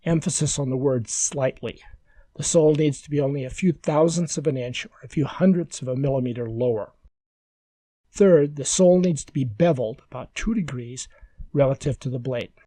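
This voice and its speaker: This is a scripted voice-over where a man explains woodworking one step at a time, staying calm and measured throughout. The recording has no echo, and his voice falls in a mid-range.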